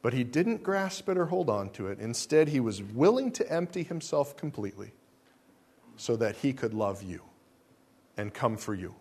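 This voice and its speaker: A man's voice: mid-range voice, very animated, moderate pace, husky. Emphatic male preacher. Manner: emphatic, rhetorical questions to the congregation; wide swings between soft and loud. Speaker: pastor. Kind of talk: sermon.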